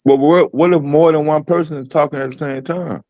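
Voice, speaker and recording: A man's voice: a little high, fairly even intonation, a little fast, dark tone, no echo, muffled recording. A man chiming in during a casual chat with short, curious questions. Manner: brief, inquisitive interjections.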